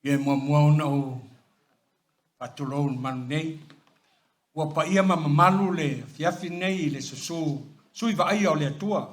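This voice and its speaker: A man's voice: on the high side, moderate pace. A man delivering a formal, rhythmic ceremonial speech at a family funeral service. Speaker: family speaker.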